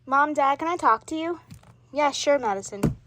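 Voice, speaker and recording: A woman's voice: high-pitched, animated, moderate pace, fairly bright tone, a little hiss or hum. A woman telling a homemade family role-play, switching between character voices for each family member. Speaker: storyteller voicing all characters.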